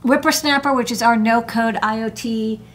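A woman's voice: on the high side, steady tone, slight background noise. A woman hosting a casual electronics show from her desk, chatty and rambling, a little phlegmy and stuffy. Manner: chatty, quick asides, many "like" and "um". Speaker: show host and electronics engineer. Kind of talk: casual chat and tech demo. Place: home desk indoors at night.

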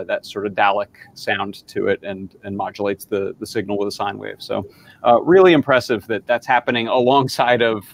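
A man talks through a hardware project in an easygoing way. He explains each step slowly and drops in plenty of fillers along the way. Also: on the low side. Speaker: maker demoing a project. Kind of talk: casual demo chat on a video call.

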